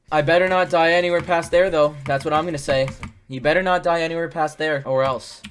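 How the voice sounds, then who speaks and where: A man's voice: on the high side, fairly even intonation, normal speed, a bit bright, slight background noise. A young man giving casual gameplay commentary, breaking into frustrated outbursts and swearing, recorded at a home desk mic. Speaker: gamer playing a hard level. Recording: faint game music behind.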